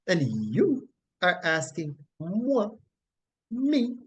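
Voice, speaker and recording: A man's voice: high voice, huge pitch swings, very slow, a little hiss or hum, full character voice. A man voicing an indignant Samaritan woman who speaks with teasing, exaggerated emphasis.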